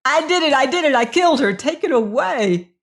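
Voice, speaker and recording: A woman's voice: medium pitch, takes it slowly, close to an everyday voice. A woman reading an audiobook, voicing a hysterical male prisoner who shrieks and gasps out repeated cries. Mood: terrified.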